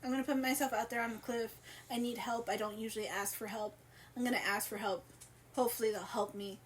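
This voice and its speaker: A woman's voice: fairly high pitch, steady tone, fast, slight background noise, natural voice. A woman voicing a young female character in burning pain, exasperated and swearing as she retells a story. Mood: desperate.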